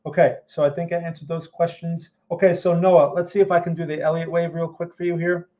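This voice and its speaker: A trading educator with a slightly higher-than-average male voice answers viewer questions during a casual livestream, walking through stock charts conversationally. He speaks a little fast with little pitch movement and keeps checking in with "right?" and "okay?". The audio is dull and lo-fi.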